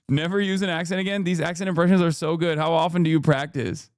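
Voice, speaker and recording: A man hosts a live stream and reacts to the news with animated disbelief. His voice is high and clear. The recording is dry and close. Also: dry recording. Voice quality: animated and incredulous, with rapid asides. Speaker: streamer and host. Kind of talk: casual live-stream commentary.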